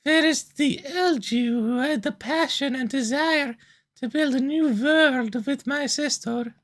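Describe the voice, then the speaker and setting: Woman reading as a stern, high-voiced mermaid. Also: a little slow. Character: proud reproachful mermaid woman. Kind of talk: reading game dialogue aloud.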